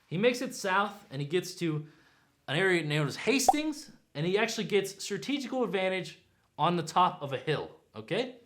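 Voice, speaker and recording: A man hosting a history show, telling the story in an excitable way and keeping in touch with the viewer. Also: high voice, normal speed, slight background noise. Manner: excitable, keeps checking in with the viewer. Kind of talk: animated storytelling to camera.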